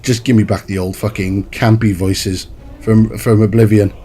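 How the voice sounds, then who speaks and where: A man's voice: fairly low pitch, flat delivery, normal speed, dark tone, slightly rough. Swearing, exasperated man ranting. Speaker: gaming commentator. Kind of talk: ranting game review.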